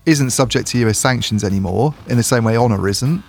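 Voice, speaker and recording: A man's voice: mid-range voice, fast talker, creaky, darkish tone, soft background music. A man co-hosting a podcast in casual chat, hesitant and wry, often restarting his sentences. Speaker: podcast co-host.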